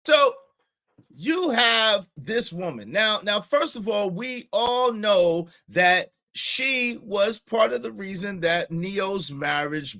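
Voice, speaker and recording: A man hosting a live stream, giving emphatic, repetitive commentary and shouting out supporters. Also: sits high.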